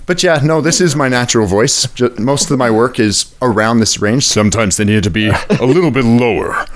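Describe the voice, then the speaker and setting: A man's voice: medium pitch, brisk, a little hiss or hum. A man voice actor talking on a podcast as a guest in an easygoing, joking way. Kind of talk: casual podcast chat.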